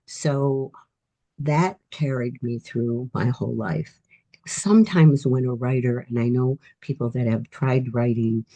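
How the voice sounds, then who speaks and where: Husky-voiced woman in her eighties. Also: a bass voice, dark tone. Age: 80s. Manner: reflective, encouraging, storytelling. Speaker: author guest. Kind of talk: casual interview storytelling.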